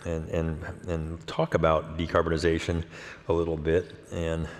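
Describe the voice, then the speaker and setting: A man with a very low, deep voice moderates an onstage forum conversation. He introduces his guest admiringly and asks loose, rambling questions. The sound echoes with a long reverb from a large conference hall. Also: completely flat delivery, normal speed.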